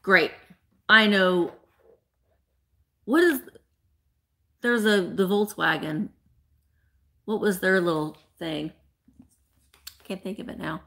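This live-sale host, selling vintage pieces, has a lowish, creaky, a bit bright voice and speaks slowly with frequent pauses. She keeps the stream's auction chat casual, addressing viewers by name playfully and laughing a lot.

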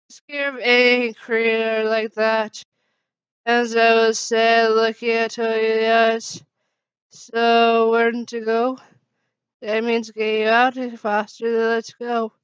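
A woman reading a fan story aloud in a halting way, with slips and restarts. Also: on the high side, clean tone, no echo, lo-fi sound. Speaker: fan fiction reader.

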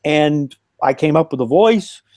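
A puppeteer guest, an older man, tells lively anecdotes with laughs in a casual interview over a remote call line. He speaks unhurriedly in a voice fairly high for a man, and the sound is dry and close, without any room.

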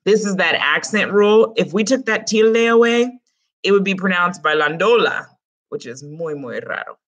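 A woman's voice: mid-range voice, animated, moderate pace, fairly bright tone. A woman teaching Spanish grammar in an online class, explaining it step by step in a casual way.

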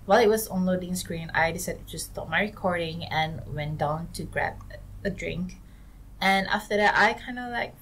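Slow, bright-voiced woman gamer chatting. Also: lowish voice. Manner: chatty, giggly, addresses viewers directly. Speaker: gaming YouTuber. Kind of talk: casual gameplay commentary.

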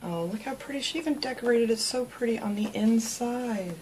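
A woman hosting a craft channel, chatting casually and warmly thanking viewers by name as she opens mail at home. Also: on the high side, fairly quick, slight background noise. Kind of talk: casual chat, opening mail.

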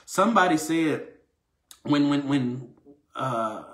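Male preacher, slightly high voice, lively and conversational, echoey room. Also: takes it slowly. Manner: animated, acts out quoted voices in a higher pitch. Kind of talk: conversational sermon.

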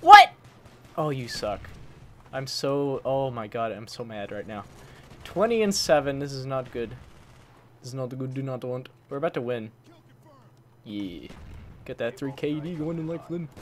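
With slight background noise, a gaming channel host speaks in a mid-range voice while playing a shooter live. His casual commentary is frustrated: he grumbles at opponents, addresses enemies, and substitutes tame words for swearing.

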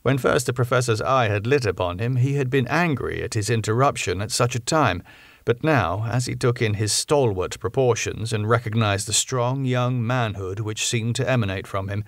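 A man narrating a classic novel in a measured, clear storytelling manner. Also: mid-range voice, no room sound, clean studio sound. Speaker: audiobook narrator. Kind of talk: scripted narration.

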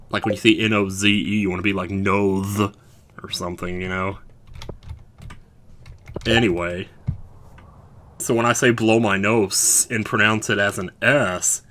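A man's voice: lowish voice, background noise. A man giving casual gameplay commentary, rambling through musing asides. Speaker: let's play gamer. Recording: clear game music underneath. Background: game music.

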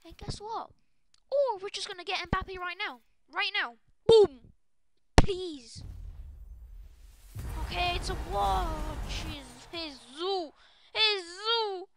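Shrieking excitable young woman streamer. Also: extremely high pitch, slow pace, noisy background. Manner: shrieking, excitable, often breaks into shouts. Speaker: gaming streamer. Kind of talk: excited live pack-opening stream.

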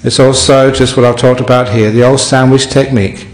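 A man's voice: mid-range voice, fairly quick. A man, a Buddhist monk, giving a humorous dharma talk and telling an anecdote in answer to a question. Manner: storytelling, humorous, lively. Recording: echoey hall recording.

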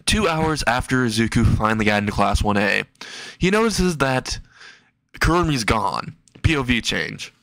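A man's voice: medium pitch, animated, moderate pace, creaky, a bit bright, no room sound. A man casually narrating a silly fan-fiction story, rambling with restarts and chuckling at his own jokes.

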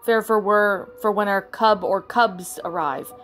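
A woman's voice: medium pitch, fairly even intonation, unhurried, natural voice. A woman voicing a protective, hot-tempered young male lion, reading his lines plainly in a storybook reading. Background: soft background music.

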